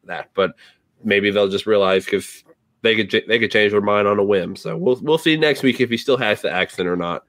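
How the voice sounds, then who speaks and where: Low-voiced, laid-back podcast guy. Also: normal speed, no echo, clean studio sound. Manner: relaxed, steers segments, uses fillers. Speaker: podcast co-host. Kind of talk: casual wrestling podcast chat.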